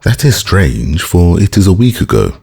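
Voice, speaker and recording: A man reading an audiobook, voicing a grave, mysterious nobleman who speaks in a measured, commanding way. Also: sits low, very animated, vocal fry, a little mellow, husky, exaggerated voice. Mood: cool.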